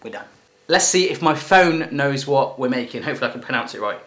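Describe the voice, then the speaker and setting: A man's voice: medium pitch, animated, quick pace, fairly bright tone. An English man hosting a playful home cooking demonstration, chatty and jokey, talking to the food as he cooks. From England. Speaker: cooking show host. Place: home kitchen.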